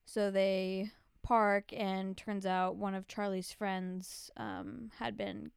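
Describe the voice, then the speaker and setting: A woman with a gravelly, creaky voice who joins in a casual podcast recap of a film, often acting out lines from the story. Her pitch sits in the middle, and the sound is close and dry. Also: flat delivery, slow, dry recording. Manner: chimes in, acts out lines from the story. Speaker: podcast co-host.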